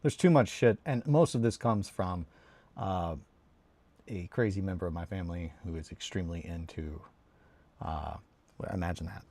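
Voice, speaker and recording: A young Englishman with a southern English accent talks loosely and profanely to his stream chat, wandering from story to story. His voice sits a little low, and the sound is dry and close with no room around it. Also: moderate pace, no room sound. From England. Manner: rambling, profane, animated storyteller. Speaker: streamer hosting a hobby stream. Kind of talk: casual live-stream chat.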